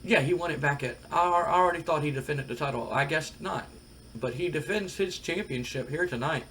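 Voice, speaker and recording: A man's voice: a little high, a little fast, slight background noise. A man casually talking through a wrestling management game for his channel, rambling with lots of fillers. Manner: rambling, relaxed, many fillers. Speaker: gaming video creator.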